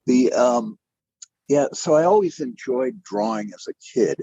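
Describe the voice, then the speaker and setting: A man's voice: medium pitch, lively intonation, unhurried, dark tone, breathy edge, dry recording, lo-fi sound. An older man telling his career story in a rambling, self-deprecating way, often restarting his sentences. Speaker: interview guest, animator. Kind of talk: casual storytelling.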